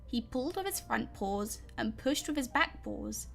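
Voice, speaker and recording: A woman's voice: fairly high pitch, expressive, normal speed, creaky, a bit bright, soft background music. A woman with a British accent reading a children's story aloud in a chatty way, sometimes tripping over words. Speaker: reader.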